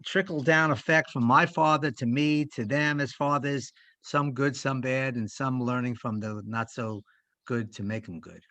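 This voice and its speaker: An older man reflecting in a church group discussion, speaking in a halting, heartfelt way with many pauses. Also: medium pitch, vocal fry, fairly bright tone, dry recording. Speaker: discussion participant.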